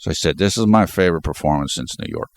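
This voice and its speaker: Talking fast in a low voice with no room sound, this basketball fan channel host sounds stuffed up and congested. His sports commentary vlog is emphatic, and he repeats words to build up his arguments.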